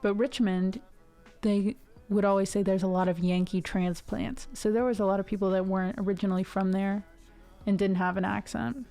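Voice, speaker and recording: A woman from the Ohio River Valley chats loosely with her stream viewers, wandering between thoughts with plenty of fillers. Her voice sits at a middle pitch with a soft, mellow tone. Quiet music plays underneath. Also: steady tone, normal speed. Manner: chatty, rambling, many restarts and fillers. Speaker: music livestream host. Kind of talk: casual chat with stream viewers.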